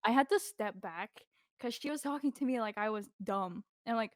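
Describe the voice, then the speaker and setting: A young woman co-hosting a podcast, telling a story in casual chat, animated and laughing often as she acts out what people said. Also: mid-range voice, fairly quick, no room sound, studio quality. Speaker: podcast co-host.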